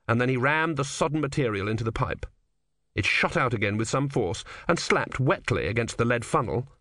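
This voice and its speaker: A man reading an audiobook in a measured, wry storytelling manner. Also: mid-range voice, fairly bright tone, no echo, studio quality. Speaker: audiobook narrator. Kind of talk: scripted narration.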